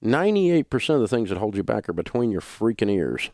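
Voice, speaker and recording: A man's voice: on the low side, very animated, fairly quick, a little mellow, dry recording, studio quality. Blunt older Southern man on talk radio. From Southern United States. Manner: folksy, blunt, emphatic. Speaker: radio talk show host.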